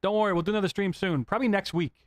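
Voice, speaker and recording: A middle-aged man streaming live, chatting casually about synths; he rambles, gets excited and keeps apologizing. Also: high voice, very fast, no room sound, clean studio sound. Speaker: synth livestreamer. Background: faint synth music.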